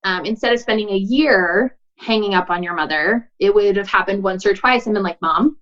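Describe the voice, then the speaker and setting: A woman's voice: mid-range voice, a little fast, fairly bright tone. Woman, podcast guest, casual advice giver; earnest, chatty, acts out dialogue; slightly muffled audio. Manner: earnest, uses many likes and you knows, acts out quoted dialogue. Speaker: podcast guest, boundaries coach.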